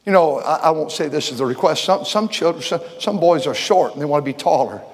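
An older man preaching a folksy sermon, repeating words and swinging from shouts to quiet talk. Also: a little high, animated, a little fast, vocal fry, slightly rough. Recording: long hall reverb.

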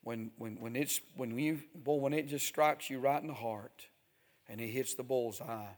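A male preacher delivering a sermon, dropping to near hushes and then building to loud, emphatic stretches punctuated with "Amen.". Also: mid-range voice, moderate pace. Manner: swings from hushed to shouting, repeats "Amen".

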